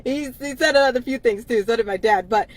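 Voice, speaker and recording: A woman's voice: on the high side, fast, low-quality recording. A woman hosting a casual livestream, talking bluntly with frequent swearing and laughter. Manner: blunt, profane, laughs often between lines. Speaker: livestream host.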